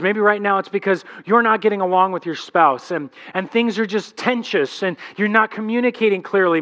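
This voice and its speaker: Male pastor, thirties, high voice, conversational sermon, acts out quotes. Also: fairly bright tone.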